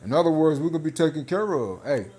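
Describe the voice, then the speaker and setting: A man's voice: a little high, lively intonation, fast, dark tone, breathy edge. A man in casual commentary, reading news aloud and talking loosely, half-joking, with laughs and lots of 'man' and 'hey'. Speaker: religious video commentator.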